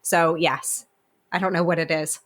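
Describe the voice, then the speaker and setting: A woman's voice: low-pitched, level tone, a little slow. An American woman, a podcast guest, chatting casually and animatedly with frequent laughs. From United States. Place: home office with windows open.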